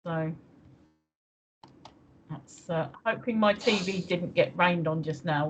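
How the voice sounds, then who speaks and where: A woman chatting casually on a live stream, relaxed and quick to laugh along. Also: fairly low pitch. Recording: dull lo-fi call audio.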